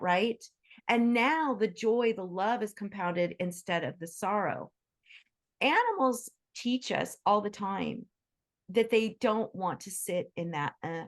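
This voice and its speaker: Chatty, enthusiastic woman with a gravelly edge. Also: mid-range voice. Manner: enthusiastic, chatty, frequent restarts and "right?"; acts out quoted voices in bursts. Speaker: workshop host. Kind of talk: casual talk to an online group.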